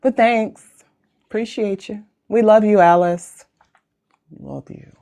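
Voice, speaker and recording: A woman's voice: mid-range voice, slow, warm tone, muffled recording. An American woman in her forties who moderates a live online town hall, joking and rambling casually as she talks. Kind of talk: casual livestream chat. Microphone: video call.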